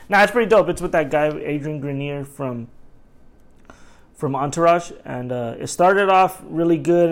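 A middle-aged man hosting a casual solo podcast, ranting in animated, profane stories and acting out what people said. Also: mid-range voice. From Los Angeles area. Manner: animated, profane storytelling with acted-out quotes. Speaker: podcast host.

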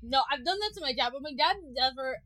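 High-voiced, giggly young woman. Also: fast talker, rough recording. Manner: giggly, expressive, casual slang. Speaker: podcast co-host. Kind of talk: casual chat.

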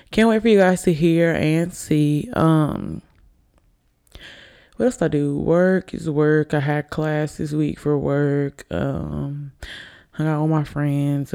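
A young woman hosts her own podcast in loose, rambling chat, a little tipsy and calling her listeners y'all. Her voice is low-toned and mellow with a gravelly, fry-laden edge. She speaks into a desk mic on camera. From Alabama, US. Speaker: podcast host. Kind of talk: casual solo podcast chat. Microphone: desk microphone on camera.

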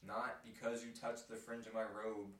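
A man leading a casual Bible discussion, reading scripture aloud with emphasis and getting excited. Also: lowish voice, moderate pace. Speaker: podcast host leading Bible study. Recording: echoey room from a distance with light noise.

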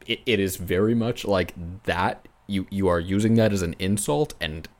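A man's voice: low voice, normal speed. A young man co-hosting a podcast, chatting casually in an easygoing, reasoned way. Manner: easygoing, reasoned, laughs along. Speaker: podcast co-host. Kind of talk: casual chat.

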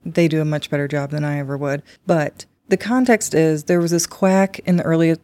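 Self-mocking podcast woman, lower voice. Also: darkish tone, dry recording. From United States. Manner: laughing and self-deprecating, quick asides. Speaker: podcast co-host. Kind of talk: casual chat.

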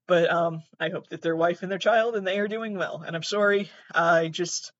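A woman's voice: on the low side, normal speed, dry recording, dull audio. A young adult woman hosting a podcast, telling a rambling, self-deprecating story full of swearing and restarts. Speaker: podcast host. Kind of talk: casual storytelling monologue.

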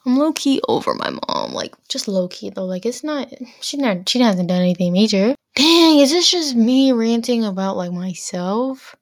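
A woman's voice: a little high, sing-song, normal speed, hardly any pauses, dry recording, clean studio sound. A teenage girl hosting her own podcast, ranting bluntly and exasperatedly with lots of filler words. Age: teens. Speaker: podcast host. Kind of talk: casual solo rant.

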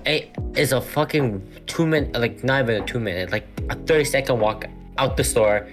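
A man's voice: mid-range voice, brisk, soft background music. A young man co-hosting a podcast, telling work stories in casual chat, swearing freely and acting out quotes. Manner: swears freely, animated storytelling with acted-out quotes. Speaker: podcast co-host.

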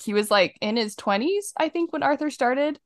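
A young woman hosting a casual podcast chat, retelling stories in an animated way with quick laughs. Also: sits high, no echo. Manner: animated storytelling, acting out quotes with frequent laughter. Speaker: podcast host.

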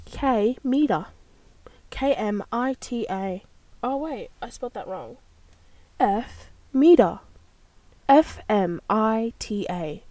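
A woman's voice: fairly high pitch, expressive, takes it slowly, long pauses, mellow, dry recording. A young woman, hosting a casual solo podcast in a bubbly, rambling way. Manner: bubbly and rambling, with frequent gasps and laughs. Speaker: podcast host.

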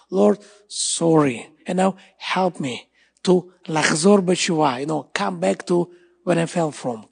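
Man preaching, gravelly and husky. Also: on the high side, darkish tone. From Israel. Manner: emphatic, repeats phrases, frequent hallelujahs. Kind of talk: sermon. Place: church hall. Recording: large hall with long reverb and faint music.

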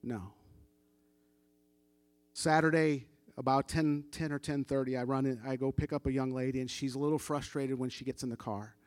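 A man's voice: mid-range voice, fairly even intonation, moderate pace, a little mellow, no echo. A middle-aged man telling a story as a church testimony, casual and conversational, acting out the dialogue of the people he quotes. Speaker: church member giving testimony.

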